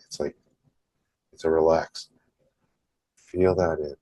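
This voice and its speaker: A man leading a group healing session over a video call, speaking slowly and deliberately and softly repeating affirmations. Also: rumbling low, husky, no room sound.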